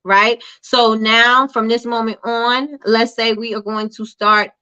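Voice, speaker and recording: Female host, chatty and repetitive, bright crisp tone, muffled lo-fi recording. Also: a little high, steady tone, slow pace. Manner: conversational, repetitive, reads viewer comments aloud. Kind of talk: casual livestream business chat.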